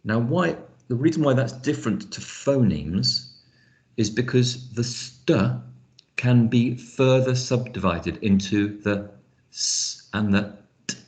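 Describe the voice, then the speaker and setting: A man teaches an online phonics lesson as a lecturer, explaining step by step and thinking aloud with frequent fillers. His medium-pitched voice is slow and darkish with lively intonation, and the recording is reverberant.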